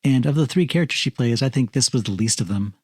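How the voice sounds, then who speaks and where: A man co-hosting a film podcast, talking in a measured, matter-of-fact way with dry humor. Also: medium pitch, expressive, a little mellow, dry recording. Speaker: podcast co-host. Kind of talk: casual film review chat.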